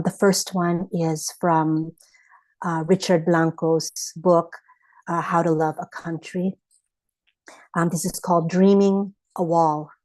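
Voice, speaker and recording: A woman poet reading a poem aloud over a video call in a measured, deliberate way. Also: fairly low pitch, warm tone, poor audio. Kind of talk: poetry reading.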